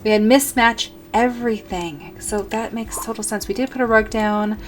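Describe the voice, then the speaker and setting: A woman's voice: on the high side, fairly even intonation, moderate pace, soft background music. A woman giving casual commentary while building in a life-sim game, rambling and correcting herself as she thinks aloud. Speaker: gaming video creator.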